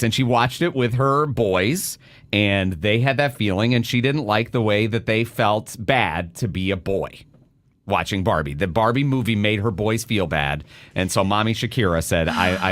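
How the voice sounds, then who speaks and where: A man's voice: on the low side, normal speed, no echo. A man co-hosting a radio show, chatting casually and addressing listeners directly in an upbeat way. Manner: upbeat, animated, talks straight to listeners. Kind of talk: casual morning-show banter.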